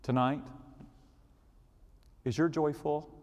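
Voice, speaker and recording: A middle-aged man preaching a sermon as a story, swinging from hushed, low passages to loud, excited ones. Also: slow pace. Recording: long reverb of a large hall.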